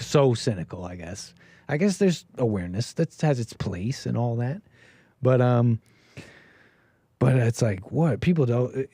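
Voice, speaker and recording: A man hosting a livestream, ranting in commentary style with animated bursts and lots of restarts. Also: a little high, no room sound. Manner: animated, rapid restarts, sudden loud bursts. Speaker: livestream host.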